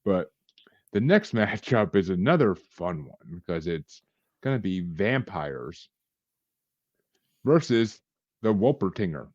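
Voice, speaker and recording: A man's voice: deep voice, sing-song, slow, long pauses, no echo, muffled recording. A man hosting a casual podcast, laughing often and restarting his sentences. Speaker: podcast host.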